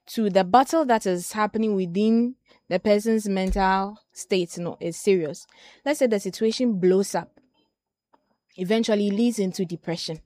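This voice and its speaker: A woman's voice: medium pitch, moderate pace, warm tone, dry recording. A woman speaking as a guest on a mental health discussion, explaining points step by step. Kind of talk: casual discussion panel.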